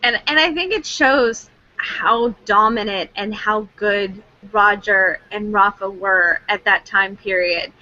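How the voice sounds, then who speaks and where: A woman co-hosting a casual chat, animated and laughing as she acts out reactions. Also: mid-range voice, slow, few pauses, lo-fi sound. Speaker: co-host.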